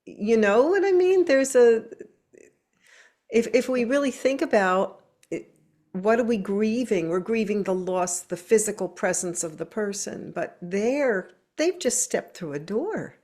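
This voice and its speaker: Slow, mellow woman host musing. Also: mid-range voice, lively intonation. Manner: musing, questioning. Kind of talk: interview.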